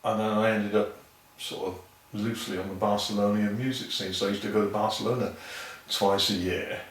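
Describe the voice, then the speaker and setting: A man's voice: lowish voice, little pitch movement, brisk. A man telling casual, rambling stories as a podcast guest, swearing freely and acting out other people's lines. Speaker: guest saxophonist. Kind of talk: casual anecdotal storytelling. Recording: echoey room, mic far off.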